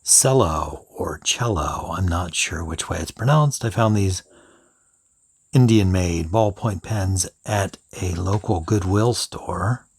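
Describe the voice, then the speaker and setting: A man reviewing pens in an unhurried, thinking-aloud way, now and then dropping into soft whispered asides. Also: deep voice, gravelly, breathy edge, no room sound, clean studio sound. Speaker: pen reviewer. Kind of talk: unscripted product review.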